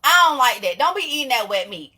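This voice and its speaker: A young woman, talking straight to camera in a casual vlog, blunt and animated, swearing freely and laughing often. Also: sits high, fast talker. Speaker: vlogger.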